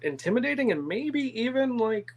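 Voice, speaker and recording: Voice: mid-range voice, sing-song, moderate pace, darkish tone, lo-fi sound. A game master with a male-range voice, running a tabletop game, laughing often and explaining rules with many fillers.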